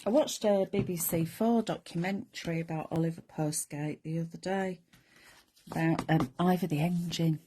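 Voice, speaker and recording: Mellow-voiced woman chatting through crafts. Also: lowish voice, fairly even intonation, normal speed, slight background noise. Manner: chatty, talks through each step and chats with viewers. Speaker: craft demonstrator. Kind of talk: chatty live crafting demonstration.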